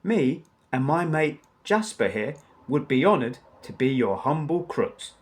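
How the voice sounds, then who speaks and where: A man voicing a smooth-talking, bumbling male crook who speaks politely and eagerly, in a storybook reading. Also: a little high, very animated, a little slow.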